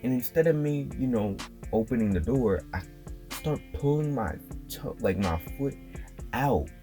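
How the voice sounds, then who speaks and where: A young man casually telling a childhood story as a vlogger, with slangy, animated phrasing and lots of fillers. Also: mid-range voice, unhurried. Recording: guitar music playing underneath.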